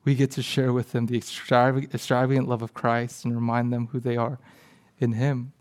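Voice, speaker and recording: Man preaching, hushed storytelling. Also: mid-range voice, flat delivery, normal speed. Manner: storytelling, often drops to a soft hush. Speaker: pastor. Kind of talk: sermon with personal story.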